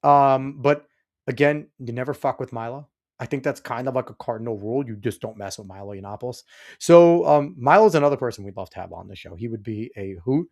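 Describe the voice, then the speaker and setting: A man's voice: medium pitch, expressive, a little fast, darkish tone. A man hosting a podcast livestream, reacting to a video clip in casual, rambling commentary and getting exasperated with his chat and the clip.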